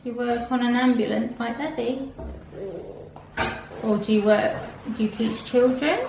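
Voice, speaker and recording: A British woman talks with a small child at home, asking gentle, playful questions. Her voice sits a bit high for a woman, with a light coaxing lilt. A faint hiss of noise runs under her. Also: steady tone, a little slow, vocal fry, echoey room. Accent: British English. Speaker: vlogger. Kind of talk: casual home chat with a toddler.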